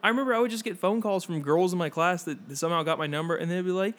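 A man's voice: sits high, racing, fairly bright tone. A young man in casual conversation as a podcast co-host, telling rambling stories with restarts. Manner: rambling storyteller, many restarts. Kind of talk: casual chat.

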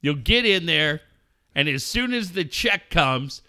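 High, animated man ranting on sports radio. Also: unhurried, smooth. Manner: loud, blunt and swearing, with mocking asides. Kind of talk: profane sports talk radio rant. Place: radio studio.

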